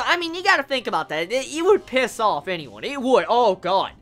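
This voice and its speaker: A woman giving a casual, blunt and profane anime review, with stammered restarts and drawn-out rhetorical questions. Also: fairly high pitch, very animated, fairly bright tone. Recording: faint music behind.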